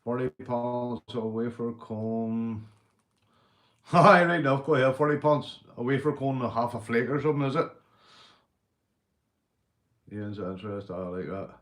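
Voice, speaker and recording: A Northern Irish man hosting a livestream, telling crude jokes, swearing and shouting out viewers. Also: mid-range voice, unhurried, long pauses. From Northern Ireland. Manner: rowdy, swearing, joke-telling, reading viewer comments. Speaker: livestream host. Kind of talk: casual livestream chat.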